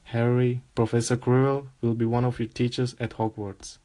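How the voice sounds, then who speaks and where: A man reading aloud, voicing a big, gruff, friendly male giant in a plain-spoken, hearty way. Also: medium pitch, little pitch movement, normal speed, mellow, close to an everyday voice.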